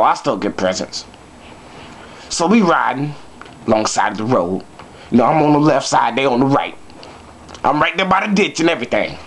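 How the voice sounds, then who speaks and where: A man's voice: mid-range voice, a bit bright, a little hiss or hum. A man telling a comic story to his viewers, brash and profane, full of joking asides. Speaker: vlogger.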